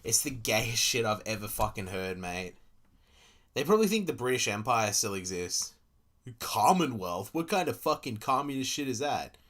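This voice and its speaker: A man's voice: medium pitch, sing-song, normal speed, a bit bright. A young Australian man streaming, ranting casually and profanely with sarcastic asides while reacting to a video.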